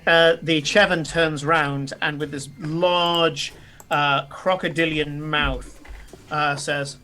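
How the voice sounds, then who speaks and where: A man's voice: on the high side, fairly even intonation, slow, sharp tone. A man narrating a tabletop role-playing game as game master, descriptive and full of fillers.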